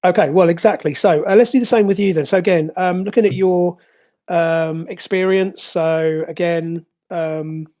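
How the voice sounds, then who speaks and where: A game master narrating a tabletop game, pausing often with fillers and restarts. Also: medium pitch, steady tone, mellow. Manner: hesitant, many fillers and restarts.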